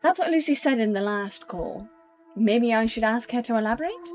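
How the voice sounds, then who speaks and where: A woman's voice: a little high, lively intonation, moderate pace, darkish tone. A woman streaming a game live, thinking aloud as she plays, with faint game music behind.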